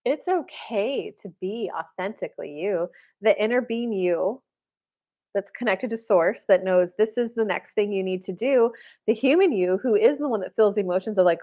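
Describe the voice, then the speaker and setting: A woman's voice: mid-range voice, moderate pace. A woman hosting a casual spiritual livestream, giving readings and acting out the voices of people she describes. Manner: animated, acts out quoted voices.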